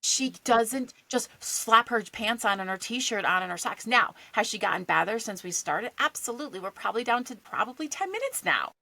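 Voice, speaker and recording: A woman in her thirties or forties, a guest coach, telling stories in a casual podcast chat with quick asides and rhetorical questions. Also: a little high, animated, creaky, sharp tone, no echo, poor audio. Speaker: guest, executive function coach.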